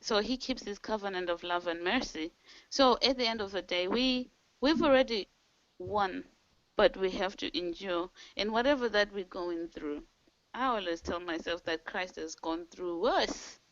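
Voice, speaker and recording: A woman's voice: mid-range voice, moderate pace, no room sound, muffled recording. A woman leading a team video call, giving an earnest, preachy motivational talk that cites scripture. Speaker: team leader hosting an online call.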